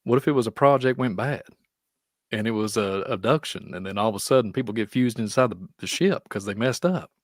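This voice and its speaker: A man with a Kentucky accent hosting a podcast, talking in a rambling, animated way with frequent laughs. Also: on the low side, a little fast, no echo, clean studio sound. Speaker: podcast host. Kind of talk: casual conversation.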